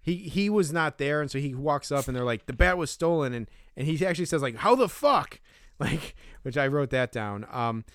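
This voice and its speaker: A man's voice: mid-range voice, a little fast, few pauses, clean tone, no echo, studio quality. A man co-hosting a casual podcast, recapping a movie scene by scene, laughing often and acting out the characters' lines. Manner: animated, laughs often, acts out quotes. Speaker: podcast co-host.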